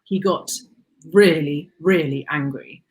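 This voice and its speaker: Reflective woman with a low voice. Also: slow. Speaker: co-host. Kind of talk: candid personal conversation.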